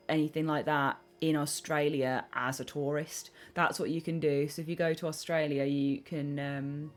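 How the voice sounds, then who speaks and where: A young woman streaming live, chatting casually and excitably on tangents while reading chat aloud. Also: low-pitched. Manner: excitable, rambling, quick tangents. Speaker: game streamer.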